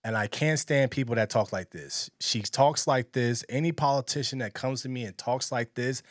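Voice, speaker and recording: A man's voice: medium pitch, brisk, dry recording, studio quality. A man giving blunt, emphatic commentary in reaction to a video clip. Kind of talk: casual opinion commentary.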